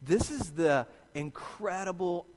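A man preaches in a high, bright-edged voice, telling his story with lively, acted-out reactions. His words ring with the long reverb of a large hall. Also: takes it slowly. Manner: animated storyteller, acts out his own reactions. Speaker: pastor. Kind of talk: sermon with personal anecdote.

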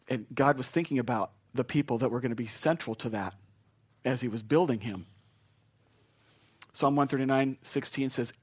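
A man preaching a funeral sermon, telling stories in an animated way and rising to excited outbursts. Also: medium pitch. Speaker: pastor.

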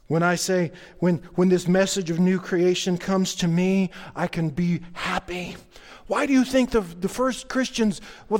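A man preaching a sermon, joking with the congregation and building to excited energy. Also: sits high, in a large hall. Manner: playful, jokey asides to the congregation. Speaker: pastor.

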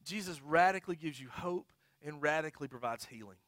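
A middle-aged man, a pastor, preaching a sermon, telling a funny story with big outbursts, then dropping into quiet, earnest appeals. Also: a little high, lively intonation, fairly quick, hardly any pauses, no room sound.

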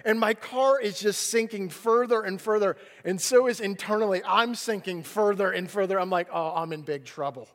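Animated high-voiced male preacher. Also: moderate pace, few pauses. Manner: animated storytelling, acts out his own panicked voice. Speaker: pastor. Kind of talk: sermon with personal story.

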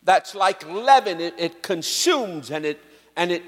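A man's voice: high voice, animated, a little slow, in a large hall. A man preaching voices the disciples as flustered, whiny men. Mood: realizing. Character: fretful bumbling disciples, men.

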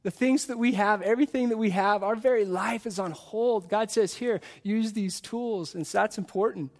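A man's voice: sits high, fairly quick. A male pastor preaching a live sermon to his congregation in a church, earnest and full of repeated rhetorical questions.

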